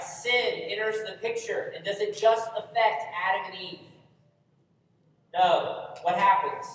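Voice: medium pitch, slight background noise. A Bible study teacher leading an interactive lesson, constantly quizzing the group with questions. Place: large echoey meeting room. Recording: very echoey hall, speaker far from mic.

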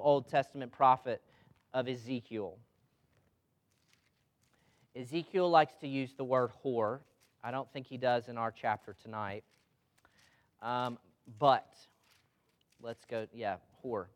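A man's voice: medium pitch, a little slow, long pauses. Conversational man preaching a sermon. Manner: conversational, asks the congregation questions.

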